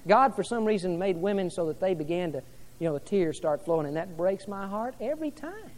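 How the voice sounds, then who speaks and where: A male pastor preaching a sermon to a congregation, rising loud and dropping soft by turns. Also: high-pitched, animated, fairly quick, big-room sound. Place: church hall with an audience.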